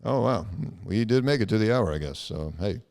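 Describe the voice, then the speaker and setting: A man's voice: on the low side, lively intonation, fairly quick, gravelly, darkish tone. A young man hosting a casual solo podcast, rambling and swearing with lots of fillers. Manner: rambling, profane, frequent fillers. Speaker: podcast host.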